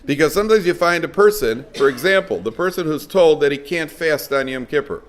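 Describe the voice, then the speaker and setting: A middle-aged man, a rabbi lecturing a live audience, telling stories lively and acting out dialogue. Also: a little high, fairly quick.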